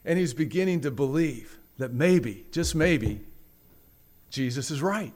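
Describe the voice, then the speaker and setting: A man preaching a sermon, telling a story with dramatic swings from loud, raised passages to hushed ones and acting out the voices in it. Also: fairly high pitch, lively intonation, measured pace. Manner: acts out the quoted voices in the story. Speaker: pastor.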